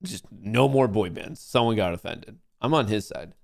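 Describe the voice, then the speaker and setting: A man's voice: lowish voice, expressive, normal speed, gravelly. A man hosting a livestream, giving laid-back, wry reaction commentary. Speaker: livestream host.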